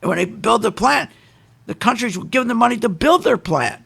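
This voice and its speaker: A man's voice: very high voice, expressive, a little fast, vocal fry, a bit bright, slightly rough. A man hosting a radio show, delivering an opinionated, ranting monologue full of sarcastic asides.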